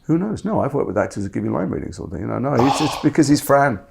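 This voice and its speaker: Fast-talking gravelly man, candid stories. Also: mid-range voice. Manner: fast, animated, self-interrupting. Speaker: actor guest. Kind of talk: candid conversational storytelling.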